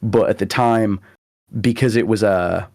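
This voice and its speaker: A young man co-hosting a casual podcast, talking eagerly and halting over his words with many restarts. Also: fairly low pitch, steady tone, darkish tone, no room sound, studio quality. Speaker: podcast co-host. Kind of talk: casual chat.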